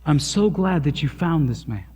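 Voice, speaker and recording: A brisk, apologetic nurse, played by a male preacher. The voice is raised a little in pitch, with a long hall reverb behind it. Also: lively intonation, darkish tone, slightly rough.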